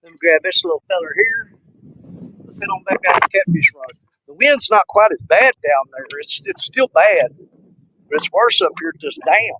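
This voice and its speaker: A man's voice: high voice, expressive, normal speed, sharp tone, slight background noise. Folksy man on a riverbank. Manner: folksy, chatty, talks to viewers while working. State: out of breath from walking. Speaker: fishing vlogger. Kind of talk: casual outdoor vlog. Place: outdoors on a windy riverbank. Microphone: camera mic. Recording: dull lo-fi camera audio.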